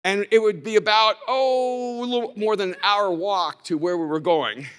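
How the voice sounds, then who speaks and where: A male pastor preaching at a conference, his voice high and bright with a forceful edge. He tells stories, sometimes quiet and sometimes shouting. The sound rings with the long reverb of a big hall. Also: moderate pace, smooth. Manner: storytelling, shifts between soft and shouted. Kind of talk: conference sermon.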